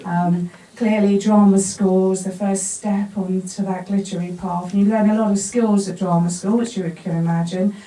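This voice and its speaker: A woman's voice: mid-range voice, fairly even intonation, moderate pace, hardly any pauses, warm tone. Self-mocking woman, roomy distant sound. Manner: self-deprecating, laughs often at her own story. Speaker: actor telling her story to a live audience. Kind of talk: humorous personal storytelling talk. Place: bar event space before an audience.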